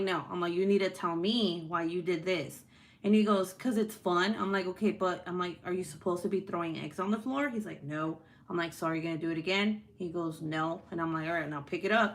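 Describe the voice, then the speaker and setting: A young woman and mother talking casually to her viewers at home, blunt and profane, laughing often and breaking off to deal with her kids. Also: on the low side. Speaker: vlogger and mother. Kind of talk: casual talking-to-camera vlog. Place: at home, with children nearby.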